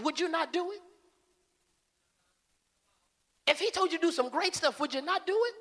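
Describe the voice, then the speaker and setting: Guy doing a soft polite servant, gentle and humble, bright tone, echoey church. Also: very high-pitched, pitched above the performer's own voice, exaggerated voice.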